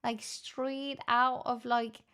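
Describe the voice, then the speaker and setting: A woman putting on a deliberately bad, exaggerated Irish accent and boasting about it while livestreaming. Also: on the high side, little pitch movement, a bit bright. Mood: mock boastful.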